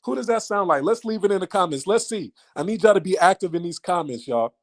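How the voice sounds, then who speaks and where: A man hosts a live stream and talks directly to his chat. His voice sits a little high for a man. He sounds animated and mocking and keeps repeating his lines to drive them home. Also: quick pace.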